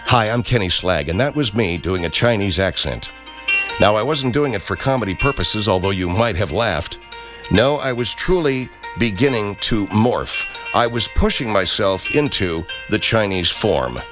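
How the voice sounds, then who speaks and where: A man performing an improvised comedy sketch as a pompous self-help spokesman, deadpan with sudden outbursts. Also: on the low side, normal speed, over music.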